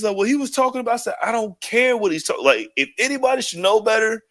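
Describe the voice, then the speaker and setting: Brief: male co-host, higher-pitched bright voice, rambling, profane, animated rant. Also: quick pace. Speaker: podcast co-host. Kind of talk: casual wrestling chat.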